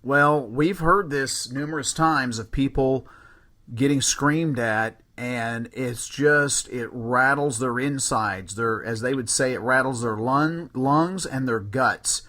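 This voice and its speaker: A male podcast host talks in a slow, deliberate way. His voice sits in a mid range, and he reasons through his points at length in a measured, thoughtful manner. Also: medium pitch, pushed and bright. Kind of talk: interview questions and commentary.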